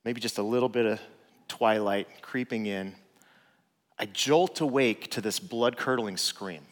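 Casual storyteller dad with reverb. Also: male voice, on the low side, a little slow. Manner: relaxed, conversational, frequent "like" fillers. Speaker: father telling a personal story. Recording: long reverb.

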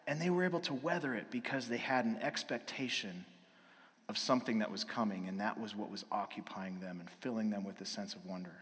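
A man's voice: lowish voice, a little fast, a bit bright. A man in his thirties preaching a sermon built around a family story, now and then acting out his children's voices. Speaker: pastor. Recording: long hall reverb.

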